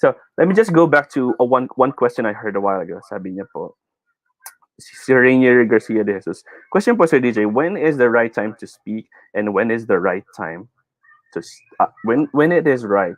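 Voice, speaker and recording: A man's voice: medium pitch, lively intonation, brisk, dry recording, low-quality recording. A man with a Filipino accent teaching an online speech class, encouraging, mixing Tagalog and English and chuckling often, heard over a video call.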